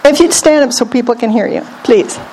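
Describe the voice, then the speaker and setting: A woman teaches scripture to a small church group in a fairly high voice. She speaks earnestly and repeats key phrases. Faint room noise sits behind her. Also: lively intonation, brisk, mellow, low-quality recording. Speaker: preacher.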